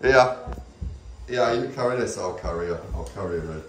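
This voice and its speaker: A man's voice: sits low, expressive, normal speed, crowd noise. A man chatting casually at home, coaxing and encouraging with frequent laughter, filmed on a handheld phone in a bathroom. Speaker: dog owner. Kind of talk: casual home video chat. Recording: echoey bathroom.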